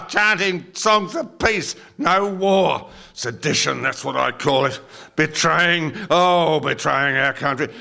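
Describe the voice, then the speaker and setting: A man's voice: high-pitched, vocal fry, heavily acted. An older man with an Australian accent playing a belligerent, drunk male larrikin in his seventies, heckling crudely in a performance poem. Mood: aggressive. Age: 70s. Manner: slurred, abusive, shouty heckling. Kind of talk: performance poetry monologue.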